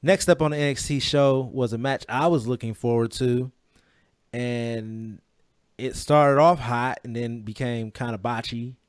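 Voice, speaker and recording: A man in the middle of the usual pitch range hosts a casual podcast chat, joking and laughing between points. His voice is recorded close and dry, with no room sound around it. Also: steady tone, unhurried, clean tone, no echo. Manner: joking, laughs often, leads the rundown. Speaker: podcast host.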